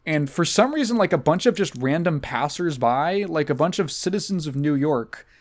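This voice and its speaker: Sarcastic podcast host, very lively pitch. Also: male voice, normal speed. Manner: rambling, sarcastic, swears freely. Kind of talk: casual chat recapping a movie.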